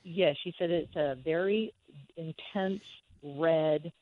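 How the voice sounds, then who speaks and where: A woman's voice: sits low, slow pace, no room sound. A woman calling into a show, earnestly describing a friend's symptoms in detail with restarts. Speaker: caller. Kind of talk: phone-in question. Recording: dull phone line with faint hiss.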